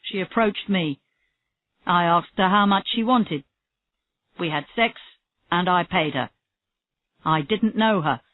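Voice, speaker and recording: Stubborn male murder suspect under questioning, read by a woman; slow, low-ish, dry tinny audio. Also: dry recording. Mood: defensive. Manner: stubborn denials, rising to angry shouts. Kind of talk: reading a graded story aloud.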